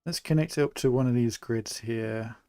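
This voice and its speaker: A young man from England giving relaxed, chatty live commentary while he plays a city-building game, thinking aloud as he goes. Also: mid-range voice, moderate pace, clean tone, no room sound, studio quality. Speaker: streamer.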